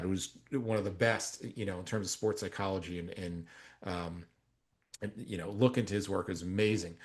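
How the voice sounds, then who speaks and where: A man co-hosting a coaching podcast, telling stories in a casual, animated way and rising loud when he quotes himself. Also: fairly low pitch. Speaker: strength coach and podcast co-host.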